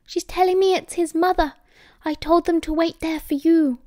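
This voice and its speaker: A woman's voice: extremely high pitch, steady tone, normal speed, a little mellow, no echo, studio quality, voice pushed up. A woman with a British accent voicing a flustered little male house elf servant in an audiobook, repeating herself in a rush. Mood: anxious. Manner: flustered, stammering repetition.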